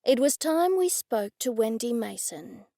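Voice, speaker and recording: A woman narrating an audiobook in the first person with measured, even storytelling. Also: a little high, vocal fry, dry recording, studio quality.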